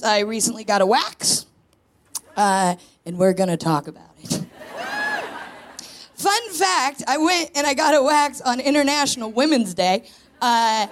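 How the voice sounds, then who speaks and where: A woman's voice: fairly high pitch, very animated, measured pace. A woman in her thirties doing a chatty, self-deprecating stand-up set on a stage before a live audience. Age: 30s. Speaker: stand-up comedian guest.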